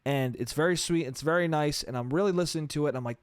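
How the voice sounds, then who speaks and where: A young man rants through a story on his solo podcast, profane and exasperated, mocking the people he quotes. His voice sits fairly high for a man and sounds close and dry, with no room around it. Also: fast talker, few pauses, clear, resonant tone, no echo. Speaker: podcast host.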